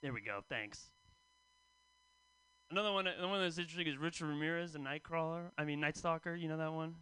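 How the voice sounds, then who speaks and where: A man's voice: a little high, quick pace, pushed and bright, clear, resonant tone, dry recording, low-quality recording. A man doing a stand-up comedy set on a club stage in a dry, conversational way. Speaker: stand-up comic.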